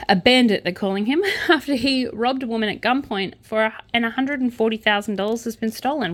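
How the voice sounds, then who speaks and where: A woman's voice: on the high side, a bit bright. Sarcastic Australian woman reading crime news. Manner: sarcastic asides between read-out news items. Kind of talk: casual chat reading news aloud.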